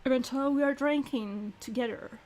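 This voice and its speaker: A woman voicing a reserved, formal young male commandant who speaks in a measured, polite way. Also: sits high, a little mellow, lightly acted.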